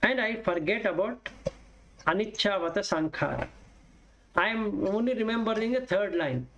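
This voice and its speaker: A man's voice: high voice, animated, normal speed, fairly bright tone, lo-fi sound. A man giving a Buddhist dharma talk, explaining with everyday examples and chanting Pali verses. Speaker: Buddhist Dhamma teacher.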